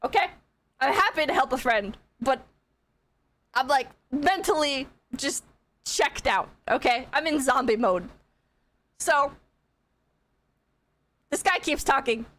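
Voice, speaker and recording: A young woman streamer tells a story in a high, bright-pitched voice. She is animated and casual, swears freely, and laughs through her telling. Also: takes it slowly, long pauses.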